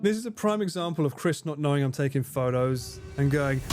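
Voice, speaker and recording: A man's voice: a little high, expressive, a little fast, a little mellow, faint music behind. A man from the UK, chatting casually on a gaming livestream, joking, swearing freely and laughing a lot. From United Kingdom.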